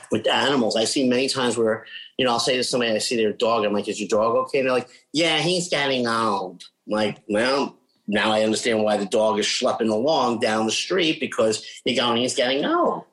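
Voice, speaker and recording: A man's voice: medium pitch, brisk, poor audio. A man, a psychic medium talking casually in an interview and imitating voices as he explains. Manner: chatty, animated, imitates voices he describes.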